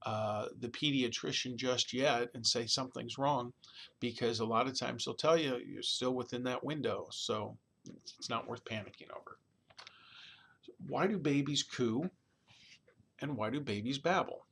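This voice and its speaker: In a recorded college lecture, a man with a middle-pitched, fairly bright, husky voice speaks a little slowly and conversationally. He keeps checking in with "okay?" and "all right?" and occasionally demonstrates a baby's babbling sounds.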